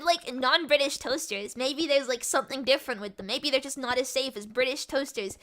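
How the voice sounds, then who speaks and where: A woman's voice: high-pitched, animated, normal speed, sharp tone. A woman VTuber streamer chatting casually and playfully while gaming, rambling from one thought to the next.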